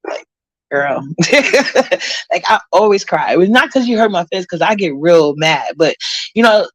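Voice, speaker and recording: A woman's voice: fairly low pitch, lively intonation, brisk, dry recording. Blunt, profane New woman vlogger. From Harlem, New York. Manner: blunt, profane, rambling with many fillers. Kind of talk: casual chat, reading comments.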